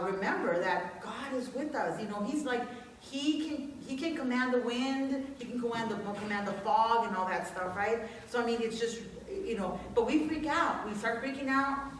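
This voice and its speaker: A woman's voice: fairly high pitch, slight background noise. Woman preaching in an echoey sanctuary. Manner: conversational, personal storytelling. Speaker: pastor. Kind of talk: informal sermon. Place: church sanctuary. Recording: echoey room, distant mic.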